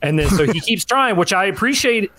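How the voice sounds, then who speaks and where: A man telling a long, profane story in casual chat, animated and ranting, and he raises his voice when he quotes people. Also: sits high, a little fast. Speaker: podcast co-host.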